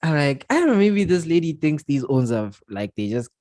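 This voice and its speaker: A man's voice: fairly high pitch, moderate pace, no room sound, clean studio sound. A man hosting a casual podcast chat, telling stories with lots of slang and laughter. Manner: animated storytelling with slang and laughter. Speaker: podcast host.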